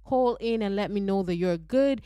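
A woman's voice: medium pitch, moderate pace, clear, resonant tone, no room sound, studio quality. Upbeat Nigerian woman radio host. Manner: lively, coaxing, laughs between lines. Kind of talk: upbeat radio call-in hosting. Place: radio studio. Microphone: studio mic.

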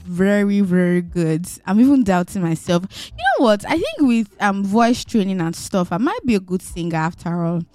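A young woman hosting a radio show, chatting with callers in an animated, teasing, jokey way. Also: medium pitch, normal speed, hardly any pauses, dry recording. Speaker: radio host. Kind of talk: playful radio chat. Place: radio studio.

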